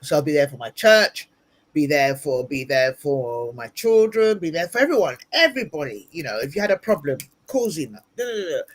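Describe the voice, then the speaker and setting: A woman's voice: deep voice, sing-song, normal speed. A woman speaks as an interview guest and gives earnest, motivational advice. She repeats her key points for emphasis. The sound comes through a video-call microphone. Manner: earnest, advising, repetitive for emphasis. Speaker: guest speaker and ministry leader.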